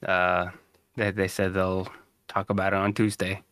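A man's voice: low voice, completely flat delivery, measured pace, a bit bright, clear, resonant tone, no room sound. A man co-hosting a podcast in casual chat, eager and a little flustered, stammering now and then. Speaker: podcast co-host.

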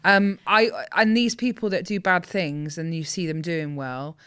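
British woman on a podcast, rambly and earnest, lots of restarts, smooth clear voice. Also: lowish voice, fairly even intonation, a little slow, fairly bright tone. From Britain. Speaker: podcast guest, comedian. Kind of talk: casual chat.

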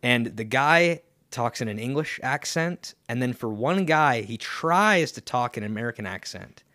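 A young man co-hosting a podcast, chatting casually in a rambling, halting way with lots of fillers and restarts. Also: medium pitch, expressive, pushed and bright, no echo, clean studio sound. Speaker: podcast co-host. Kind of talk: casual chat.

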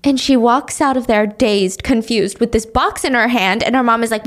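A woman's voice: a little high, animated, normal speed, hardly any pauses, a bit bright. A woman recapping a drama in a casual, chatty way, with offhand swearing.

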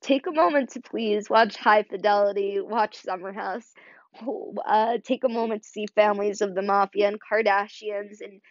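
Near tears, the young woman rambles earnestly through her solo podcast, filling gaps with "like" and "you know." Her medium-pitched voice keeps a fairly even intonation at a moderate pace. The sound is dry and a bit dull and lo-fi, without echo.

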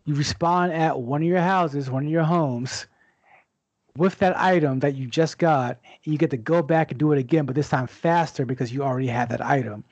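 A man with a slightly higher voice explains how a video game works in a casual podcast chat. His mic sounds dull and lo-fi. The sound is dry, with no room echo. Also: brisk, darkish tone. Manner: explains game mechanics plainly. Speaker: podcast co-host.

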